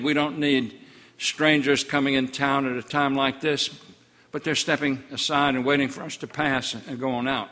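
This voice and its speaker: An older man preaching in the first person as an awestruck twelve-year-old village boy, earnest, his voice sinking low in the sorrowful parts. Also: pushed and bright, big-room sound. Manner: earnest storytelling, voice drops low in sorrowful passages. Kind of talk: first-person story sermon.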